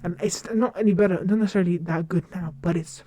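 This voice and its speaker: A young woman streamer in casual live-stream chat, talking quickly and rambling, with lots of fillers and restarts. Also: on the low side, fairly even intonation, dark tone, dry recording. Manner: rambling, fast and talkative with many fillers. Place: home streaming setup.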